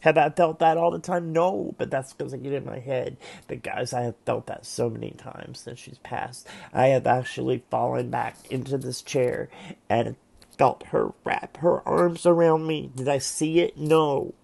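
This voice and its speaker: A man who reads tarot, talking to camera at home in a heartfelt, halting way with many restarts and pauses. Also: mid-range voice, fairly even intonation, creaky, a little mellow. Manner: halting and emotional, with frequent restarts. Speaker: tarot reader and vlogger. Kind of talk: casual heartfelt monologue to camera. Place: at home, seated in a chair.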